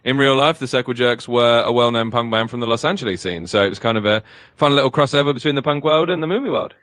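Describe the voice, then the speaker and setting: A male AI voice assistant answering questions in an upbeat, eager way, with quick explanations. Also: medium pitch, fairly bright tone, no room sound. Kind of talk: conversational answers.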